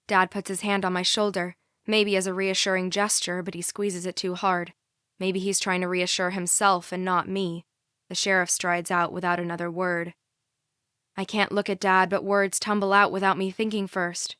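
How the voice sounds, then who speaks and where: A woman narrating a first-person thriller audiobook in a measured, tense way, on a close studio mic. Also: fairly low pitch, little pitch movement, bright, forceful tone, clean tone, no echo.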